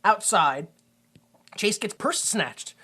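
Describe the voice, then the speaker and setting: A man's voice: high-pitched, sing-song, slow, bright, forceful tone, breathy edge. A young man co-hosting a podcast, casually retelling a movie plot with jokey asides. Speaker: podcast co-host. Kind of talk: casual movie recap chat.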